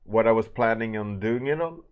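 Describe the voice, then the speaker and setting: A man's voice: lowish voice, normal speed, phone-quality sound. A man casually chatting with his livestream viewers while drawing, greeting them by name and trailing off mid-sentence. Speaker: streaming artist.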